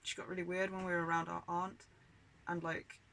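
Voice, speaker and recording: A woman's voice: on the low side, little pitch movement, a little fast, vocal fry, a bit bright, a little hiss or hum, poor audio. A British woman telling childhood memories in a candid, aggrieved way, full of swearing and filler words. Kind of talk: personal storytelling monologue.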